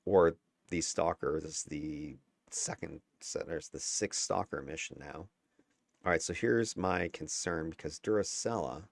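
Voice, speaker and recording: A man's voice: sits low, no echo, clean studio sound. A man giving a casual, candid breakdown of his own gameplay footage, chatty and given to chuckles and mild swearing. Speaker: gameplay commentator.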